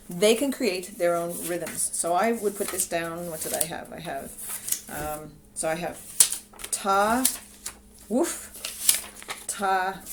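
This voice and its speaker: A music teacher talking to her own camera in a relaxed, explanatory way, walking teachers through classroom rhythm activities. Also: fairly low pitch, slight background noise. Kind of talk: instructional video talk. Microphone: camera she films herself with.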